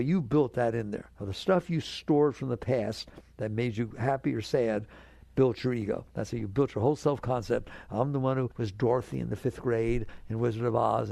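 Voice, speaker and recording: A man teaching spirituality in a relaxed, conversational way, often asking his listeners rhetorical questions. His voice is gravelly and mellow, and he speaks at a middle pitch. The sound is dry and close, with no room echo. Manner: soothing, coaxing the listener to relax. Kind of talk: spiritual talk to an audience.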